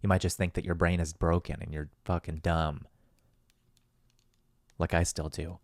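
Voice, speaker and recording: Low-voiced rambling profane man. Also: flat delivery, normal speed, no room sound, studio quality. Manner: rambling, profane, self-deprecating, with laughs. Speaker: podcast host. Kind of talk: casual solo podcast monologue.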